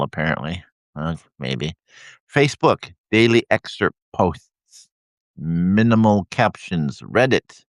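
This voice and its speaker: Rambling older man, very low voice. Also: no echo, clean studio sound. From Canada. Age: 60s. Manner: meandering, self-deprecating, blunt, laughs often. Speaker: host of a live video stream. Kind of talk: rambling casual chat. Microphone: handheld microphone.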